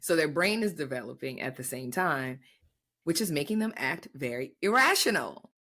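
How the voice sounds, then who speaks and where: A young woman co-hosting a casual podcast, telling stories in an animated way and acting out quotes. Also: low-pitched, moderate pace. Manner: animated storytelling, acts out quotes. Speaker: podcast co-host. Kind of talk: casual chat.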